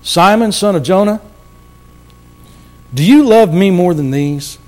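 A man's voice: high-pitched, expressive, a little slow, darkish tone, pitched above the performer's own voice. Preacher voicing patient male teacher, probing questions, emphatic. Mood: searching.

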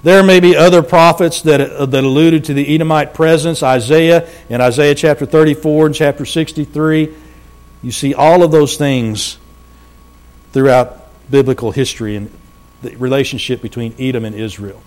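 A man preaching a sermon, slowing down for emphasis and dropping his voice low at the ends of phrases. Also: steady tone, darkish tone.

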